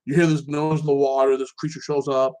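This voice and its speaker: A man rambles through a casual, unscripted chat about shows he loves. He gets excitable and keeps tacking "like that" onto his thoughts. His voice sits at an ordinary middle pitch. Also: a little fast. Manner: animated, excitable. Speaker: show host.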